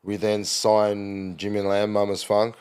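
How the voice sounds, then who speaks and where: A middle-aged man with an Australian accent and a fairly low voice rambles through stories as a podcast guest. He talks casually, full of ums, uhs and restarts, and he slips into the voices of people he is quoting. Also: level tone, measured pace, a little mellow, smooth. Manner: rambling anecdotal storytelling with many fillers. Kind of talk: casual chat.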